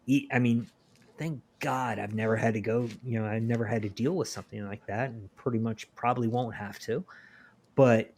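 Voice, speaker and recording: A man co-hosting a podcast, talking earnestly and at length, voice sinking quietly at the ends of thoughts. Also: mid-range voice. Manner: earnest, preachy, trails off quietly. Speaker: podcast co-host. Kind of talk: casual podcast discussion.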